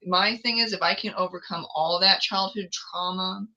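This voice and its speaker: A woman's voice: lowish voice, steady tone, moderate pace, pushed and bright, dull audio. A woman hosting a casual livestream chat, talking candidly and laughing often. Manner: candid, laughs often, acts out quoted exchanges. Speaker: livestream host.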